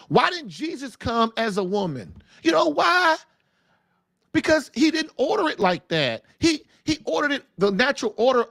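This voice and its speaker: A man's voice: very high-pitched, gravelly, fairly bright tone, no echo, clean studio sound. A man hosting a faith-based show, preaching in emphatic, casual talk full of folksy slang and repeated phrases for punch. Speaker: podcast host.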